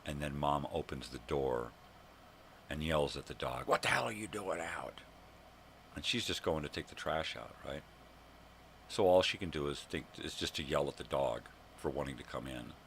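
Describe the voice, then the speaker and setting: Older male vlogger, very deep gravelly voice, profane exasperated rant. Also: normal speed, a little hiss or hum. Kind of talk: casual ranting monologue.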